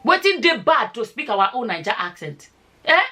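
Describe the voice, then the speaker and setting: A woman's voice: a little high, big pitch swings, normal speed, sharp tone. Nigerian woman vlogging with rhetorical questions. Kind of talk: casual opinion vlog.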